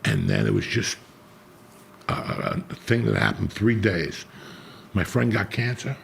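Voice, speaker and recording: A man's voice: fairly low pitch, big pitch swings, unhurried, gravelly, a little hiss or hum. A middle-aged man telling a blunt, profanity-heavy personal story in casual chat as a podcast host.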